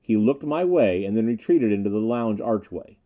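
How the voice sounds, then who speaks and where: A man narrating an adventure story in the first person, reading in an expressive, lively way. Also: lowish voice, normal speed, dull audio. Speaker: audiobook narrator.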